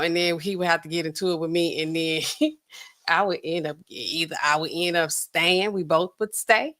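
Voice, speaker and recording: A woman hosting a show in casual, rambling commentary, talking in an animated, colloquial way and laughing often. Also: on the low side, normal speed. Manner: swings often between loud and quiet.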